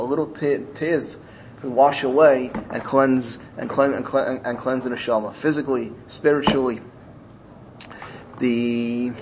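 A man's voice: mid-range voice, a little hiss or hum, low-quality recording. A man giving a sermon, telling a parable and repeating phrases as he builds his point. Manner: storytelling, rising emotionally in places, repeating phrases. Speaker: rabbi.

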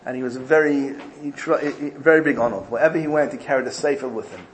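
A man's voice: medium pitch, fast talker, a little hiss or hum, rough recording. A man teaching a Torah class, telling stories and often repeating and restarting words as he searches for his phrasing. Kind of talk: Torah class lesson with storytelling.

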